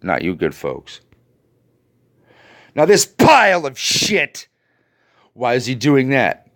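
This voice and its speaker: A man's voice: mid-range voice, wildly swooping pitch, takes it slowly, fairly bright tone. A man hosting a video, ranting to his viewers in an angry, profane and sarcastic way. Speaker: video host.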